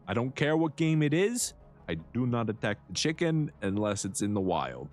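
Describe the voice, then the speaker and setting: Streamer: a teasing, chatty man with a lower voice and animated pitch, faint background music. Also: normal speed. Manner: joking, chatty, teasing the characters. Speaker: livestreaming gamer. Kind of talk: live gameplay commentary.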